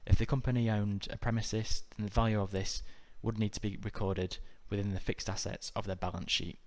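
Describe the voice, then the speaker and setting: Guy reading out exam prep notes, lowish voice, pretty monotone. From United Kingdom. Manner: measured, even, methodical delivery. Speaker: exam tutor. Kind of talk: scripted instructional narration.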